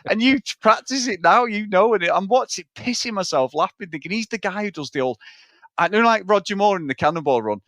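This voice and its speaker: A man's voice: high-pitched, expressive, a little fast, a bit bright, no echo. A man co-hosting a podcast, chatting about a film in a rambling, enthusiastic way and swearing freely. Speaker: podcast co-host. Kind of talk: casual film review chat.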